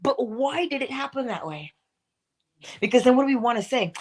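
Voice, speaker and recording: A woman's voice: sits high, animated, normal speed. A woman hosting a morning motivational talk, asking her listeners rhetorical questions and acting out what people say. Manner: asks rhetorical questions and acts out quoted voices; drops to a whisper at times. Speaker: host of a morning inspiration stream.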